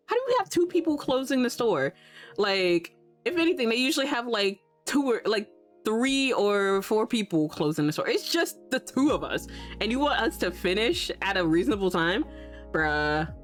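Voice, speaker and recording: Profane, laughing woman ranting on stream. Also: medium pitch. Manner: reenacts her own exasperated reactions. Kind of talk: casual stream chat. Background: faint background music.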